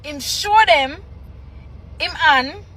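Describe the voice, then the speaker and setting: Jamaican lady reacting on video, high voice, takes her time, half joking half fed up. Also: bright, forceful tone, rough recording. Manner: exasperated, teasing, drawn-out. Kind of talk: casual reaction chat, reading aloud.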